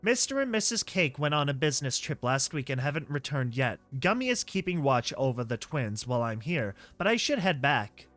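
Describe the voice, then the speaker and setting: A man voicing a bubbly female party pony in a comic dub, speaking in a rushed, apologetic way. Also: medium pitch, big pitch swings, fairly bright tone, faint music behind, voice pushed down. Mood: hurried.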